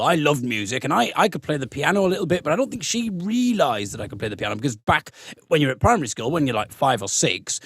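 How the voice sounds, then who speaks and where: Animated man with a lively voice. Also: mid-range voice, no echo, clean studio sound. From Middlesbrough, England. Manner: animated, self-mocking, rambling asides. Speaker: comedian and folk singer, guest. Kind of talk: comic storytelling on a podcast.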